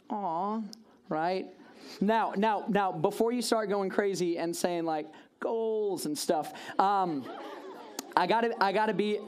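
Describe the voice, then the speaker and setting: Chatty man telling a sermon story. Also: sits high. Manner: casual, chatty, full of "like" and "right?" asides.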